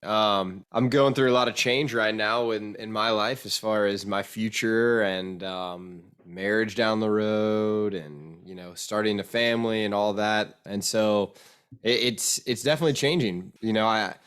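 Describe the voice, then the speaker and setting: Thoughtful halting young man. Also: on the low side, a bit bright, clear, resonant tone. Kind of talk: casual chat.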